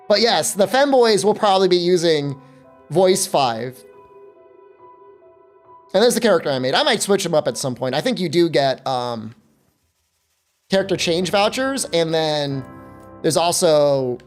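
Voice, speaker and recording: A man's voice: on the high side, animated, measured pace, long pauses, faint music behind. A man live-streaming a game, chatting loosely with viewers and joking as he talks. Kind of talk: casual live-stream chat.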